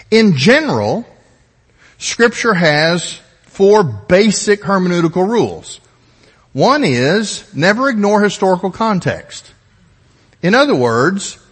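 Male pastor, teaching sermon; high, animated delivery, long hall reverb. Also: slightly rough. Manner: explanatory, methodical, conversational asides.

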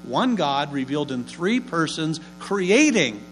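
A man preaching a sermon as pastor, lively, asking and answering his own questions and dropping homely, humorous asides. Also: on the high side, a little slow, soft background music, low-quality recording.

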